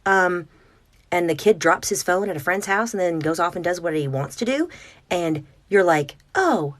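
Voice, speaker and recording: A woman's voice: mid-range voice, dry recording. A woman giving parenting advice to camera in a sarcastic, exasperated way, sometimes dropping to a whisper. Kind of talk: direct-to-camera opinion monologue.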